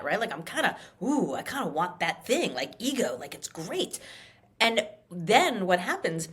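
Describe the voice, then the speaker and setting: A woman in her fifties talking as an author guest in a casual interview, animated and emphatic, full of fillers and acted-out quotes. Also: lowish voice, measured pace. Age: 50s.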